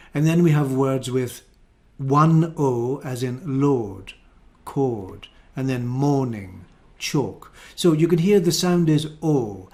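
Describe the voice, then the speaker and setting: Slow Scottish man teaching pronunciation. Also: on the high side, a little mellow. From Scotland. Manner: careful, deliberate word-by-word modelling.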